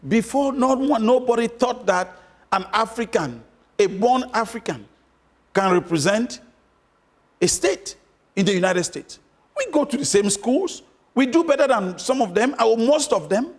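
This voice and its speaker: A man's voice: very high-pitched, expressive, measured pace. A man giving interview answers about politics, emphatic, repeating his points for stress. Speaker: interview guest, former candidate.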